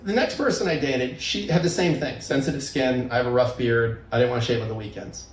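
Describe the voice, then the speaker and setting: A man's voice: medium pitch, fairly quick, far from the mic. A middle-aged man, a divorce lawyer, giving relationship advice in casual podcast talk and acting out the voices in his stories. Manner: animated storyteller, acts out quoted voices. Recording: roomy sound, voice a bit off mic.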